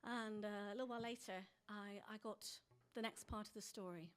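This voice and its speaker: A singer-songwriter woman chatting to a live audience between songs in a bookshop coffee house, in a chatty, self-deprecating way with quick asides. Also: medium pitch, steady tone. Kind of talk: casual between-song chat to a live audience.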